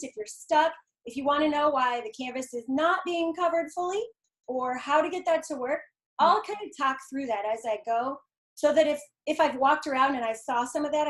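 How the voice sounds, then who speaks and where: A woman with a notably high voice speaks as a guest in an interview. She is earnest and encouraging, and she often acts out little quotes as she tells her stories. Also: a little fast. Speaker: guest artist and painting teacher. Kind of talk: conversational interview.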